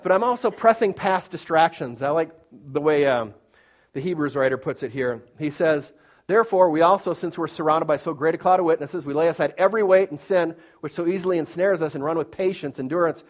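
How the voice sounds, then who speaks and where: Guy preaching kinda casual, voice sits a bit high, repeats himself a lot, lots of "you know". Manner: informal, repeats phrases, many fillers and restarts. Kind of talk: conversational sermon.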